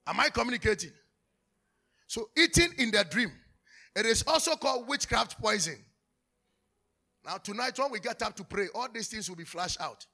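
A man, preaching a sermon as pastor, animated, acting out anecdotes and laughing often. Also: sits high, normal speed, pauses often. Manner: animated, switching between teaching and acted-out anecdotes, laughing often.

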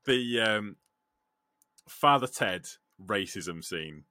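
A man's voice: fairly low pitch, drawn-out words, no echo. A man hosting a podcast, swearing casually and restarting his sentences as he tells stories. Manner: animated, swears, restarts a lot when telling stories. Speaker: podcast host. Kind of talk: casual chat.

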